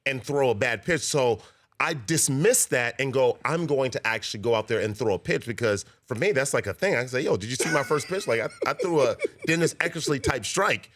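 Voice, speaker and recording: Animated man telling a story. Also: mid-range voice, fairly quick. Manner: laughing, acts out quotes. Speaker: guest, TV co-host.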